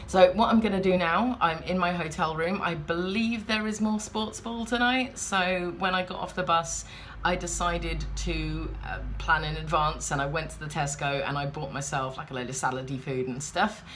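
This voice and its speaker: A woman's voice: fairly low pitch, fairly even intonation, moderate pace, fairly bright tone, slight background noise. A woman chatting in a rambling, wry way, vlogging from a hotel room. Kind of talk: casual vlog chat.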